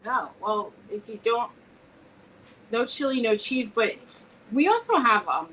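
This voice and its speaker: A woman co-hosting a casual live-stream chat, telling stories with lively quoted dialogue. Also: a little high, unhurried, poor audio. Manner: chatty, animated storytelling with quoted dialogue. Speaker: co-host. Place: home.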